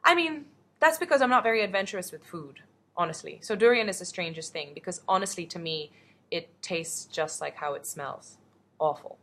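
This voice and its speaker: A woman's voice: fairly low pitch, fairly bright tone. A young woman from the Philippines, an actress chatting upbeat through fan questions on a webcam, rambling into asides. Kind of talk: casual webcam Q&A. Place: indoors at home.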